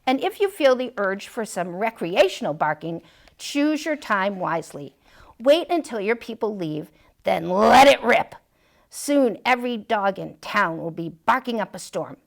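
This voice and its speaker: A woman's voice: medium pitch, lively intonation, measured pace, creaky. A woman reading a picture book aloud, voicing a wise, self-assured male dog who writes an advice column, confident and wry. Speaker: storytime reader.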